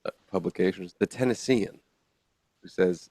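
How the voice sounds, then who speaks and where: Gravelly deep-voiced man bantering. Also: normal speed, no echo. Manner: laughs often, reads articles aloud. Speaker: podcast co-host. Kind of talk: casual banter.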